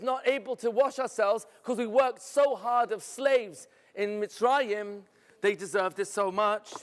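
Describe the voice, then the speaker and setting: High-voiced man telling a dramatic story. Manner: theatrical, asks the audience questions. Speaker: educator. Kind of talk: dramatic first-person storytelling to students. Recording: echoey hall.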